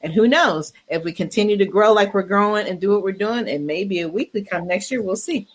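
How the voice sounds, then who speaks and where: A woman's voice: medium pitch, fairly quick, slightly rough. A woman co-hosting a casual podcast, upbeat and talkative, with many fillers and restarts. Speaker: podcast co-host.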